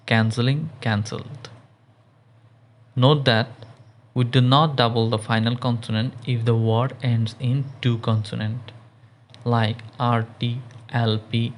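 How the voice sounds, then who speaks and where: A man teaching English grammar in a slow, deliberate lesson, reading out word lists one by one. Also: medium pitch. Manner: reads word lists in a measured, deliberate cadence.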